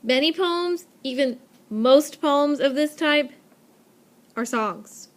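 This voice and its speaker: A young woman in a recorded lesson, explaining clearly and brightly to students and stressing key points by repeating them. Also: high-pitched, lively intonation, slow. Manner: clear, upbeat teacherly explaining with emphatic repetition. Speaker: teacher. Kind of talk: recorded lesson narration over slides. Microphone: tablet microphone.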